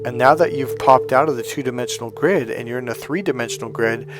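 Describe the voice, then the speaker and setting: A man's voice: medium pitch, fast, over music. A man giving a blunt, emphatic motivational monologue as a life coach, often acting out the voices he quotes.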